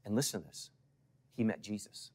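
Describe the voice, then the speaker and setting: A middle-aged male pastor preaching to a congregation, swinging from loud calls to hushed asides and asking for responses. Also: fairly low pitch, animated, fairly quick. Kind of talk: sermon.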